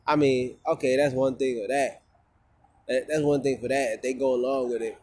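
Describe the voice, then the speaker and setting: A man's voice: mid-range voice, steady tone, moderate pace, a little mellow, a little hiss or hum. A man talking casually to his phone camera outdoors, rambling and profane, often repeating himself. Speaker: vlogger.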